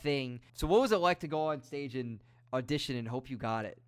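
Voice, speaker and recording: A man's voice: medium pitch, fairly quick, smooth. A young adult man hosting a podcast, asking rambling, friendly questions with fillers. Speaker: podcast host. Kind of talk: casual podcast interview.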